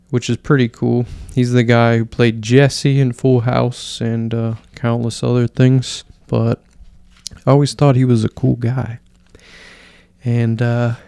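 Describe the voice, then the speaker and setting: A man's voice: mid-range voice, darkish tone, smooth, no room sound. A man hosting a casual solo podcast, rambling and swearing in an offhand way. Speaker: podcast host.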